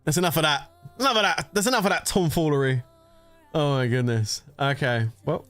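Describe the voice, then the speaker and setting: A man's voice: mid-range voice, moderate pace, a bit bright. A man talking casually and joking as he streams a mobile strategy game. His voice sits in a middle range, and he laughs easily. Faint background music plays under his talk. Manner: chatty and jokey, often laughing. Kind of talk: casual gameplay commentary.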